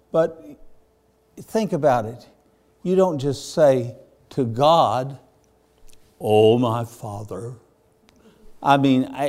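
Older male preacher, homespun storyteller, fervent swells and soft hushes, pitched a bit high. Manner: folksy storytelling, swings between loud fervor and hushed tenderness. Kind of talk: sermon.

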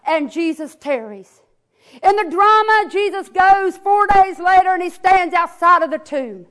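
Woman preacher, very high voice, fervent prayer, repetitive invocations, church sermon. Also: moderate pace, fairly bright tone. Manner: fervent, repetitive invocations, rising to hollering in retold scenes.

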